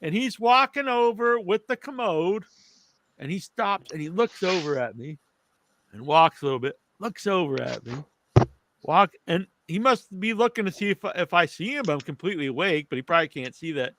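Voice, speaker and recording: A man co-hosting a podcast who tells a rambling, animated story in a casual chat. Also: high voice, normal speed, no echo. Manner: animated, rambling, restarts often. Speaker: podcast co-host.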